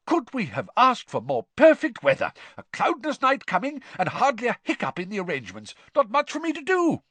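A man voicing an excitable, burly middle-aged sports official who talks loudly and heartily in an audiobook reading. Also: extremely high pitch, brisk, husky, no echo, voice pushed up, exaggerated voice. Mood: overjoyed. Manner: loud, hearty, bouncy.

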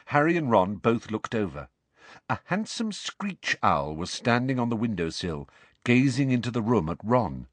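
Lively male storybook narrator. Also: medium pitch, moderate pace, no room sound. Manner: expressive, shifting voices for characters. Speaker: audiobook narrator.

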